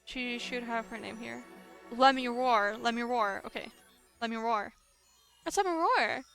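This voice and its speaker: A woman streamer chatting casually while playing a game, reacting with excited gasps and exclamations. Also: fairly high pitch, creaky. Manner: excitable, quick gasping reactions. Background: game music.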